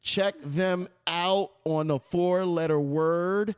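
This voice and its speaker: A brash male talk show host who swaggers through casual live banter and swears without a second thought. His voice sits a little higher than most men's. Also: slow, smooth.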